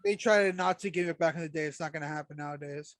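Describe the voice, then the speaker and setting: A man's voice: fairly high pitch, very fast, heavy background noise. A man co-hosting a casual wrestling podcast, laid-back and agreeable, with slangy talk. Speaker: podcast co-host.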